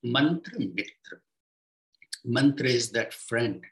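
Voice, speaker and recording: In a reflective spiritual talk, a male teacher speaks unhurriedly with lively intonation, his voice falling low and quiet as phrases end.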